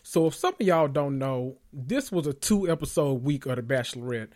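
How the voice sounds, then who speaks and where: A man's voice: medium pitch, animated, moderate pace, darkish tone. A man hosting a reality TV recap, rambling in sassy, profane commentary and laughing at his own jokes. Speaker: host of a reality TV recap show.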